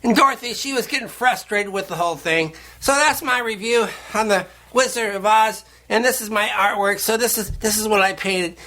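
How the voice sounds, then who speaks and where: A man with a fairly high, very bright voice hosts a deadpan satirical monologue. He meanders through his points, stopping and restarting with odd, earnest conviction. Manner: meandering, halting, offbeat earnest delivery. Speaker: host.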